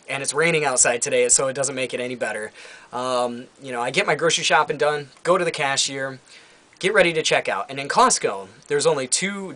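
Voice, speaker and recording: A man's voice: mid-range voice, bright, forceful tone. A young man ranting casually in a vlog from his home, rambling with many fillers and some swearing. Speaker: vlogger.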